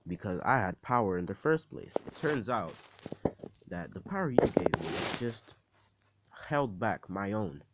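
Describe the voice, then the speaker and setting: A man voicing a cocky, defiant young male superhero who talks crude and taunting, in a low voice. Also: sing-song, a little slow, heavy background noise.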